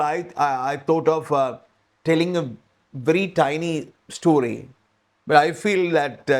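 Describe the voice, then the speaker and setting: A man with a Sri Lankan accent teaching a spoken English lesson, patiently repeating phrases and checking that learners follow. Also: fairly high pitch.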